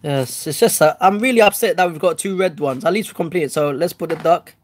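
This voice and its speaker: A woman hosting a casual home unboxing vlog, chatty and excitable, who swears loudly when let down. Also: on the low side, fairly quick. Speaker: host.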